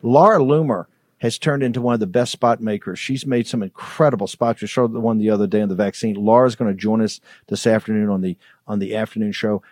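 A man hosting a political talk show, brisk and combative, rallying his audience between guests. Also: fairly low pitch, a little mellow, no room sound, clean studio sound. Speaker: host.

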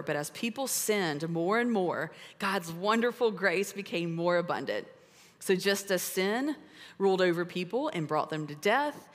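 A woman preaching to a roomful of women, casual and animated, leaning on "like" and "right?". Her voice sits a bit low and echoes through a large hall with a long reverb. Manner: animated and conversational, with lots of "like" and "right?". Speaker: women's ministry speaker. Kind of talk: sermon. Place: large room full of women at a church gathering.

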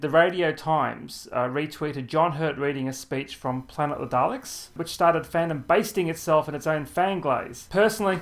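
Nz guy hosting a podcast, a bit higher voice, wry and jokey. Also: fairly bright tone. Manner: wry, laughs while talking. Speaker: podcast host. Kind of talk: casual chat.

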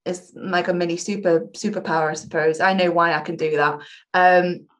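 A woman's voice: fairly low pitch, fairly even intonation, moderate pace. A young adult woman, an improv performer, talking chattily and animatedly in a casual interview, with self-mocking humor.

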